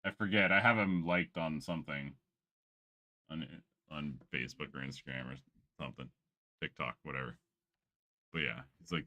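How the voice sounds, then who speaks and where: Give me a deep-voiced male streamer chatting loosely and swearing, with a bright, sharp tone. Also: lively intonation, moderate pace, no room sound. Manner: rambling, profane, laughs often. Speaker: gaming streamer. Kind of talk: casual chat while gaming.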